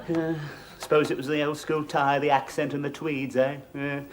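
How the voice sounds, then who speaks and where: An actor playing a nosy, suspicious middle-aged landlord in a studio sitcom, blustering and stammering out sly insinuations. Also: male voice, on the high side, level tone, normal speed, a loud crowd, close to an everyday voice. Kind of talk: 1970s studio sitcom acting. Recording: hissy old TV recording.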